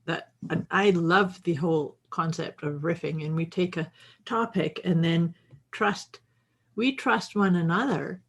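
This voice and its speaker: Calm, husky-voiced woman co-host. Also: fairly low pitch, unhurried. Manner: calm, soothing. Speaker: podcast co-host. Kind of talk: casual chat.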